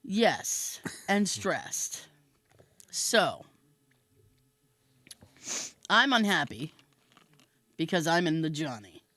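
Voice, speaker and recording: A woman hosting a podcast, telling a comic story in a casual, animated way and laughing often. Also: low-pitched, very slow, long pauses, dry recording. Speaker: podcast host.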